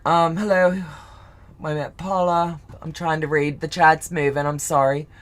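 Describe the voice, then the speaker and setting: A woman's voice: low voice, fairly even intonation, moderate pace. A woman hosting a live sewing stream, chatting casually and reading viewer comments aloud in an effusive, gushing, readily emotional way.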